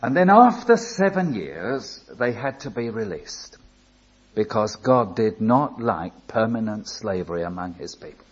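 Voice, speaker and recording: An older man preaching a sermon, telling a story slowly and building to emphatic appeals. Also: fairly low pitch, sing-song, muffled recording. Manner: slow, deliberate storytelling with rising emphatic appeals.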